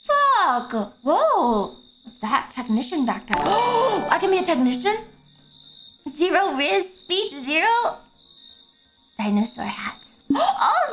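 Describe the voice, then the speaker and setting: A young woman streaming a game, talking casually, excitable and swearing a lot. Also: sits high, measured pace, soft background music. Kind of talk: casual gameplay commentary.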